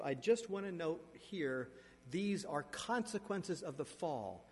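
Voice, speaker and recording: A man preaching a sermon, reading scripture aloud and adding asides, with sharp shifts in loudness and emphasis. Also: fairly high pitch, animated, takes it slowly, husky. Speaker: pastor. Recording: long reverb of a large hall.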